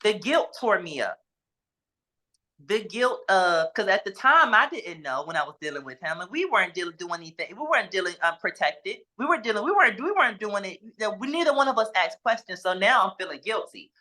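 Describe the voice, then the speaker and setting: A man's voice: sits high, sing-song, bright, forceful tone. Emotional man telling a hard story. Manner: halting, emotional, repeats himself and breaks down at times. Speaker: guest sharing his testimony. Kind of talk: emotional personal testimony.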